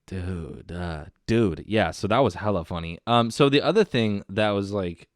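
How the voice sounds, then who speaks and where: A man's voice: fairly low pitch, animated, normal speed, no echo, clean studio sound. A man hosting a casual solo comedy podcast, rambling and meandering, with lots of "dude" and "man.". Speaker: podcast host.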